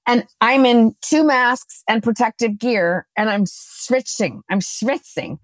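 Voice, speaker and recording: A woman co-hosting a podcast, chatting casually and telling a lively story, acting out her own quotes. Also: on the high side, slow pace, dry recording. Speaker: podcast co-host.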